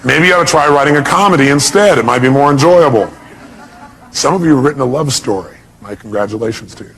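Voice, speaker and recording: A man's voice: mid-range voice, animated, quick pace, fairly bright tone, a little hiss or hum. Emphatic male motivational speaker. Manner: emphatic, fires rhetorical questions, blunt and salty. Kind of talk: motivational speech to a live audience.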